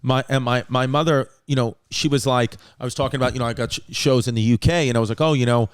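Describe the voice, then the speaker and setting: A man's voice: mid-range voice, fairly even intonation, fast talker, smooth. A man hosting a comedy podcast, telling long rambling stories in casual chat and quoting others along the way. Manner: rambling storyteller, quotes his mother. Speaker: podcast host.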